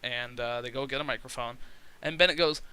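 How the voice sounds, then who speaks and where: Chatty bright-voiced man commentating a game. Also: medium pitch, fairly quick, clean tone, no room sound. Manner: chatty, rambling, frequent fillers. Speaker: let's play commentator.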